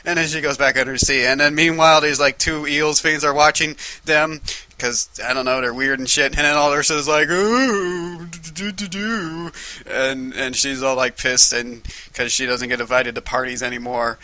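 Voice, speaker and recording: A man's voice: mid-range voice, little pitch movement, fairly quick, pushed and bright, rough recording. A man rambling through a crude, profane movie recap, full of "like" and swearing. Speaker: comedic film summarizer.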